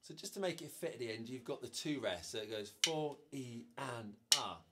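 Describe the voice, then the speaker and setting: A man's voice: medium pitch, expressive, moderate pace, very noisy. Man teaching drums, counting beats aloud. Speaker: drum teacher. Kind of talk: instructional drum lesson.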